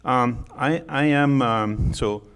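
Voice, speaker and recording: A man's voice: medium pitch, takes it slowly, a bit bright, smooth. A middle-aged man from France with a French accent, giving a joking, chatty conference talk with many fillers and restarts. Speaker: conference speaker. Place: conference hall.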